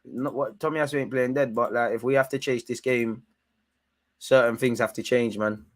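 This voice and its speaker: Young male watchalong host, mid-pitched, chatty and excitable, given to yelling at the ref. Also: moderate pace. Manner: animated, shouts at the referee, slangy banter. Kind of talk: live match reaction commentary.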